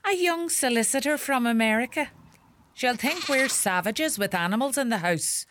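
A woman acting out a bossy, sharp-tongued Irish farm mother in middle age, scolding and fussing in a lilting, lively voice. Her Irish accent is thick. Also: on the high side, normal speed, noisy background, natural voice. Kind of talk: comedy sketch acting.

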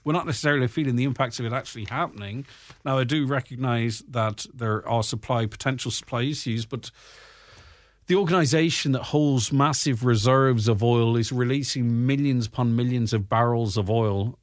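An Irish man with a faint English twang reads through the day's papers, breaking off into chatty asides full of ums and uhs. His voice sits at an ordinary pitch and sounds close and dry, with no room around it. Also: normal speed, dry recording. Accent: Irish with a slight English twang. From Ireland. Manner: conversational, frequent fillers and asides. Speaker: radio host reading the papers. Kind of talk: casual news chat with commentary.

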